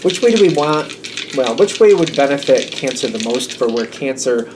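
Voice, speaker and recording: A man talks through a tarot reading in a loose, rambling way, slipping into little quoted exchanges as he thinks aloud. His voice sits at an ordinary middle pitch. A faint background noise sits under the recording. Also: animated, moderate pace. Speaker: tarot reader.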